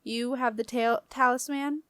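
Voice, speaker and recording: A cold, menacing male ghost, put on by a woman reading an audiobook speaks in a slow, hollow intoning voice, each word weighted with threat. The delivery is unhurried and pitched a little high, recorded close and dry in a storybook reading. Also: a bit bright, no echo.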